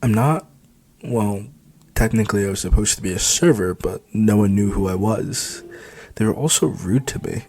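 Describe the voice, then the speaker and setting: A man voicing a brash, defiant nineteen-year-old immigrant woman in an audiobook, answering back with sharp, indignant retorts. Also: on the low side, normal speed, husky. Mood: defensive.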